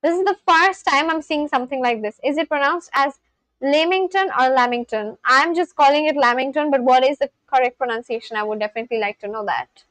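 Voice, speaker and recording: A young woman from India chatting casually on a livestream, reading out viewers' comments and reacting with gushing excitement. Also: sits high, fast talker, hardly any pauses, no room sound, poor audio. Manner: gushing, reads chat aloud and reacts.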